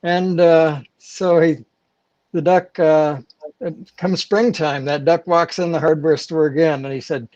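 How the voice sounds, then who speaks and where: A man hosting a livestream, with a slightly high voice, chatting and rambling through a joke with easy chuckles. The audio is dull and very dry, like a home stream mic. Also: measured pace, dry recording. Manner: relaxed, chuckling, rambling storyteller. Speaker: livestream host. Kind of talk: casual livestream chat and joke telling.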